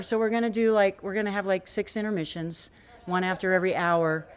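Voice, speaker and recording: A woman's voice: medium pitch, fairly even intonation, a little fast. A woman hosting a small music cafe, introducing a performer with chatty, rambling stage talk and frequent laughter, speaking into a stage microphone. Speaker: venue host introducing a performer.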